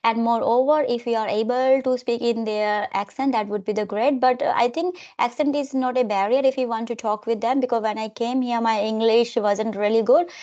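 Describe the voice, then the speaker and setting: A woman with an Indian accent, from India, hosts an English practice conversation. Her voice sits on the high side, and she rattles through her explanations quickly. The recording sounds dull and lo-fi. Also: a little mellow. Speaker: host.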